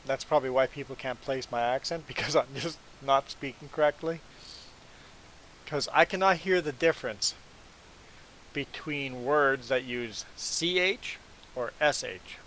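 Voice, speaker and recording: A man in the middle of his pitch range chats casually with viewers while playing on a livestream. He laughs easily and trips over his words when explaining. There is a faint hiss in the recording. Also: a little slow, a bit bright, low-quality recording. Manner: chatty, laughs often, self-deprecating. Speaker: livestream host.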